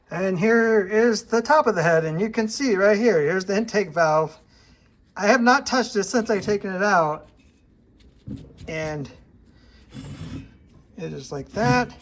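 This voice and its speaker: Working in a repair shop, a small engine repair technician walks through the task in a casual, hands-on way. He sounds relaxed and plain, voicing his thoughts as he goes, at a medium pitch.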